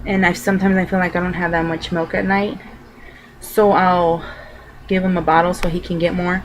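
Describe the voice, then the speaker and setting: A woman's voice: fairly low pitch, flat delivery, normal speed, a little hiss or hum, poor audio. A young adult woman vlogging, telling a personal story to camera in a loose, rambling way full of filler words.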